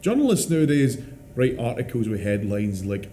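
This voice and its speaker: A man's voice: medium pitch, sing-song, moderate pace, mellow, a little hiss or hum. A man giving a dry, earnest, mock-serious documentary interview about his beard.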